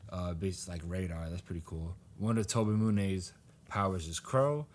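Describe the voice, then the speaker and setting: A man's voice: low voice, moderate pace, darkish tone. A man co-hosting a podcast, casually recapping a manga chapter and acting out the characters' lines with laughter. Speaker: podcast co-host.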